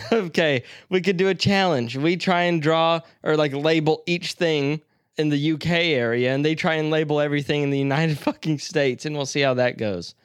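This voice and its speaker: Male co-host from San Francisco, a bit high-pitched, dry sound, laughs a lot. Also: moderate pace, smooth, no echo. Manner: laughs often, teasing, swears casually. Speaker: podcast co-host. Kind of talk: casual movie review chat.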